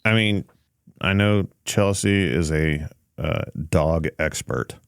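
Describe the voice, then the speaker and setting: A man's voice: low voice, takes it slowly, gravelly, smooth, no echo, clean studio sound. A man hosting a casual podcast, easygoing and thinking aloud with frequent fillers and restarts. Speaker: podcast host.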